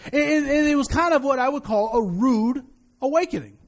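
A man's voice: very high voice, a little fast. A male pastor preaching a sermon in a casual, conversational way, with joking asides and frequent restarts.

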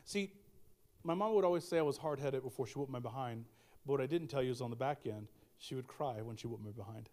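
A man's voice: medium pitch, fast talker, a little mellow. A middle-aged male pastor preaching a sermon, emphatic, with folksy asides and repeated key lines.

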